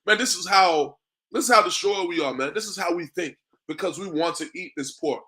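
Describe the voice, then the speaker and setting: A man's voice: high voice, a little fast, pushed and bright. A man preaching a street sermon to a class. He talks conversationally, drops in "man" and "bro", and keeps asking "you understand me?". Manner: repetitive, asks "you understand me?" often.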